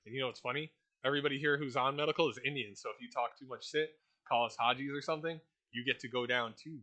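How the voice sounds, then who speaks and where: A man's voice: mid-range voice, steady tone, quick pace, pushed and bright. Brash, profane man on a rambling rant. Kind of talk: casual rant explaining a role-play setting.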